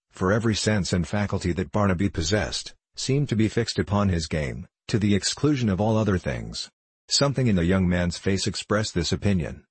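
A man reading a classic novel aloud as narrator in a steady, even manner. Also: sits low, husky, no echo.

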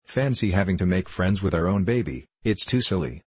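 A cheeky, impudent schoolboy from a storybook who talks in excited bursts, as a man reading aloud voices him. The voice is low and husky, recorded dry and close. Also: fairly quick, no room sound.

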